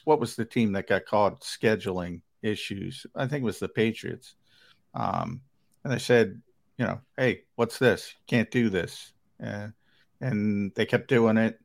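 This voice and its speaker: A man's voice: on the low side, creaky. A man co-hosting a casual sports talk show, rambling and emphatic with lots of fillers.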